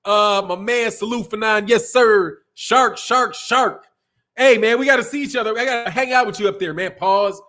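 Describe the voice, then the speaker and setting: A man's voice: high voice, normal speed, sharp tone. A middle-aged man from Chicago hosting a boxing live stream in a loose, slangy, casual chat, laughing often. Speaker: boxing channel host.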